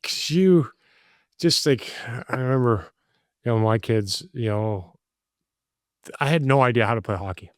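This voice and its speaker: A man's voice: mid-range voice, normal speed, pauses often, dry recording, clean studio sound. A middle-aged father talking as a guest, rambling earnestly with many restarts. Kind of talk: casual conversation.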